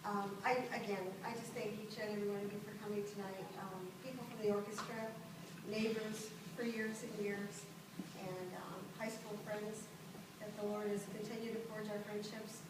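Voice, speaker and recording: A woman's voice: medium pitch, level tone, moderate pace. A woman giving an informal, chatty tribute speech at a birthday party, laughing between stories and using frequent ums. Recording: echoey hall, mic far off, party noise.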